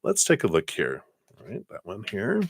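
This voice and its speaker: A man giving live tarot card readings on a stream, chatty, laughing often and dropping into quiet asides. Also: lowish voice, wildly swooping pitch, normal speed, gravelly, slightly rough, dry recording. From Colorado. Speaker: tarot reader.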